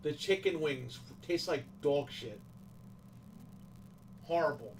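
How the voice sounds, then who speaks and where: A man rants in casual livestream chat, swearing freely and hammering his complaints home. His voice sits somewhat high. He sounds a little set back from the microphone. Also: expressive, slow, recorded from a distance, slight background noise, rough recording. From New York, USA. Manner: profane, ranting, emphatic complaints. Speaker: livestream host.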